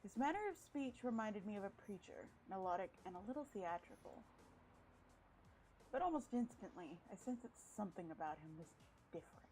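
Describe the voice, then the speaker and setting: A woman's voice: medium pitch, lively intonation, fairly quick, a little mellow, a little hiss or hum, rough recording. Woman reading a game with cheeky asides. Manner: breezy, swears casually in jokey side comments. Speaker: let's play gamer. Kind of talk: reading a visual novel aloud with playful asides.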